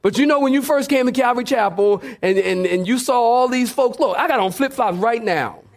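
A man's voice: extremely high pitch, fairly quick. A man preaching a sermon to a church congregation, telling stories with humor and talking back and forth with the people. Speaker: pastor. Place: church sanctuary before a congregation.

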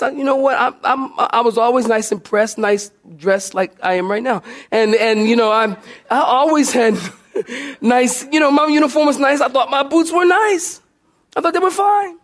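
A man with a high, bright voice preaches in a drawl. He tells his story with plenty of energy, laughing as he goes and now and then bellowing out an impression of a drill sergeant. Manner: animated, acts out shouting and laughs mid-story. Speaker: pastor. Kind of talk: storytelling sermon.

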